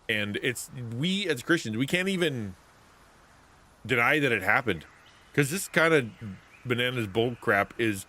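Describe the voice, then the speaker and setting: A man's voice: lowish voice, sharp tone. A man livestreaming a video game, talking in a rambling, chatty, self-interrupting way. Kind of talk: casual gameplay commentary.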